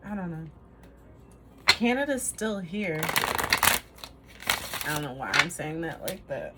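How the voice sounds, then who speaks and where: A woman's voice: on the low side, very noisy. A woman giving a casual tarot reading to camera, rambling, trailing off and laughing at herself. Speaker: tarot reader.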